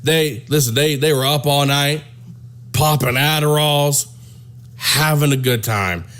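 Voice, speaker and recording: This is a man spinning a crude comic story in a rambling way, restarting and repeating himself as he goes. His delivery is animated and loose. His voice sits slightly above the usual male pitch. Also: a little slow. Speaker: comedian storyteller.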